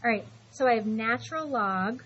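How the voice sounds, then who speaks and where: A woman's voice: a little high, moderate pace, fairly bright tone, highs cut off, a little hiss or hum. A middle-aged woman math teacher lecturing her class, patient and reassuring as she walks through each step.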